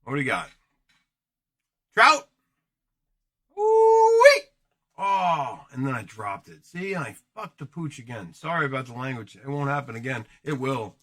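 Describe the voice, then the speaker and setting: A man's voice: mid-range voice, lively intonation, normal speed, pushed and bright. A man hosting a late-night card break, joking, rambling and swearing as he opens packs. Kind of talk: casual livestream card break.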